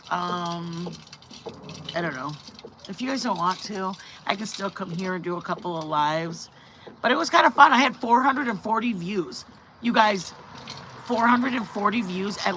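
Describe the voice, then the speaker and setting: Middle-aged female vlog host, chatty and rambling, faint hum behind her. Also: medium pitch. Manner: rambling, animated, bursts of loud laughter. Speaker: channel host. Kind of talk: casual live-stream chat.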